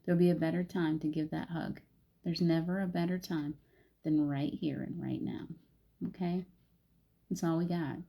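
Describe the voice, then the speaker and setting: A woman's voice: deep voice, fairly even intonation, normal speed, creaky, mellow. A woman hosting a chatty spiritual live stream and guiding a meditation, laughing often. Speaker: spiritual host.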